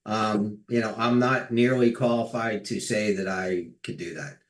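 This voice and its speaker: A man's voice: on the low side, fairly even intonation, measured pace, echoey room. A man co-hosting a livestream, talking casually and hesitantly, hedging his opinions. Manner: hesitant, hedging, restarts often. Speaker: co-host. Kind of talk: livestream discussion, casual chat.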